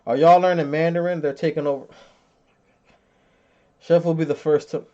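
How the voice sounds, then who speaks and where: A man in his thirties hosts a podcast, chatting casually, joking, and swearing as he reads chat comments and tells stories, laughing often. His voice is a little high and darkish, steady in tone, at a normal speed, and the recording has a dull lo-fi sound.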